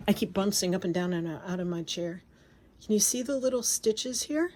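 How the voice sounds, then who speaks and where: A woman vlogger showing off craft papers and fabrics in a gushing, excitable, casual chat, often trailing off and restarting. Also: medium pitch, moderate pace. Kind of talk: casual show-and-tell chat.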